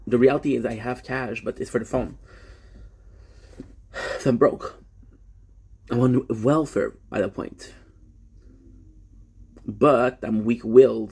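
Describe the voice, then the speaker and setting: Young man, live streamer, gravelly, husky, rambling confessional monologue, self-correcting. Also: mid-range voice, steady tone, measured pace, long pauses, a little mellow.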